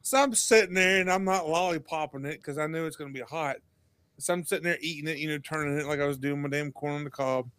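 A man, a podcast guest telling stories in casual chat, animated and laughing, acting out what people said. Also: fairly high pitch, quick pace, clear, resonant tone, no room sound. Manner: animated, laughing storyteller who acts out quotes.

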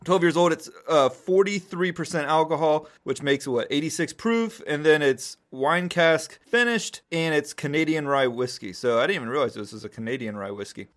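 A man's voice: a little high, moderate pace, hardly any pauses, a bit bright. A man in his forties, a podcast host talking casually and rambling, often repeating words as he thinks. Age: 40s. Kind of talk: casual chat.

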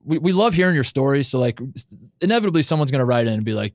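A man's voice: mid-range voice, sing-song, very fast, no room sound, studio quality. A young man hosting a casual podcast, rambling with lots of restarts and stammered repeats. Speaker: podcast host.

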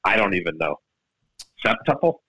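A man hosting a golf radio show, telling stories in casual sports chat with a lively, storytelling manner, speaking into a studio microphone. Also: moderate pace, poor audio. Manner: animated storyteller, lively swings in pitch.

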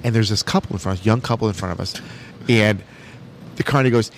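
A man's voice: on the low side, fast talker, slight background noise. A man co-hosting a podcast, telling crude stories in casual banter, often laughing and swearing. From upstate New York. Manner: storytelling, profane, laughs often. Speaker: podcast co-host.

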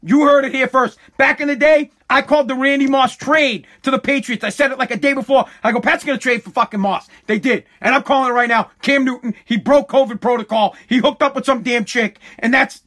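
A high-pitched man rants through his livestream podcast. His voice is bright and forceful, and he runs heated and profane, looping back over the same words. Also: a little fast, few pauses. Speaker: podcast host. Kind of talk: casual livestream podcast rant.

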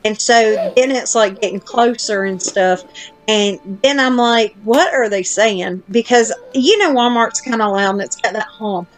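A woman's voice: a little high, unhurried. A woman podcast host telling a long story in casual chat, blunt and self-deprecating, with casual swearing.

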